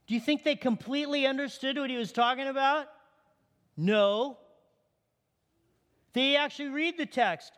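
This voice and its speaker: A man preaching a sermon, reading scripture aloud with animated energy. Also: very high voice, moderate pace, long pauses. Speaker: pastor. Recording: long hall reverb.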